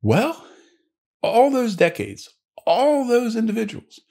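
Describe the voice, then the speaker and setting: A man's voice: huge pitch swings, takes it slowly, gravelly, a little mellow, full character voice. A man voicing an old male rural shopkeeper over seventy, in a raised, wry voice. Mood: dry, deadpan. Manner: high put-on voice, wry.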